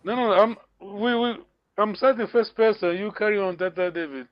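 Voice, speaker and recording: High-voiced man teaching a class. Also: moderate pace, no echo, highs cut off. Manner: encouraging, repeats words. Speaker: language teacher. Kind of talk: online language class.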